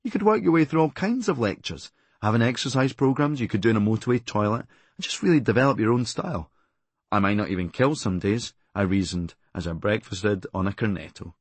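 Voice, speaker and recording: A Scottish man reading his own comic memoir in a deadpan, darkly funny delivery. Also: mid-range voice, fast talker, husky, no room sound. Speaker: comedian narrating his memoir.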